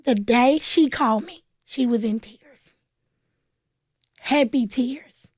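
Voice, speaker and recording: A woman's voice: on the high side, slow, slightly rough, dry recording, studio quality. A woman, telling her own story as a guest in a radio interview and acting out the voices she quotes. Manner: animated, acts out quoted voices, plainspoken. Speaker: nonprofit founder, interview guest.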